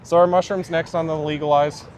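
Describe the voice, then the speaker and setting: A man's voice: fairly high pitch, little pitch movement, brisk, a little mellow, a little hiss or hum. A man who streams, walking the city with a friend and trading dry quips in casual chat. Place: outdoors on city streets, walking.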